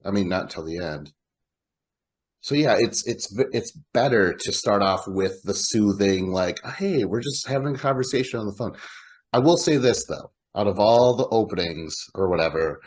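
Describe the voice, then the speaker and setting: Husky man in rambling movie chat. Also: low-pitched, expressive, unhurried, darkish tone. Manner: rambling, with fillers and laughs. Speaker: podcast co-host.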